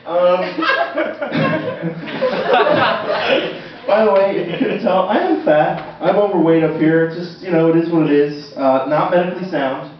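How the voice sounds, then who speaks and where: The audience laughs in a roomy, distant, dull recording of a young man's university stand-up set, with a crowd audible behind him. His high-pitched, expressive voice moves slowly with long pauses, and his humor is self-deprecating and conversational, peppered with ums.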